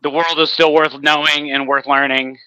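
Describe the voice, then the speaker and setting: Bright tense-voiced texas guy, stammers and laughs a lot, dry close mic. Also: a little high, level tone, normal speed, clean tone, no echo, muffled recording. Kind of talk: casual chat on a live stream.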